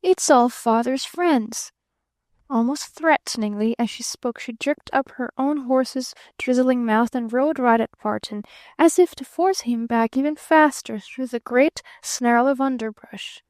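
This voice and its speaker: A woman narrating an audiobook in an expressive storybook reading. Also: fairly high pitch, measured pace, no room sound, clean studio sound. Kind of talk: scripted narration.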